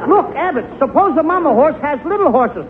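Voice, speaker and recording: A man plays the silly half of a 1940s radio comedy duo. His voice is very high, childlike and whiny. The sound comes from a tinny, hissy old radio broadcast. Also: animated, brisk. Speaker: comedy double act partner.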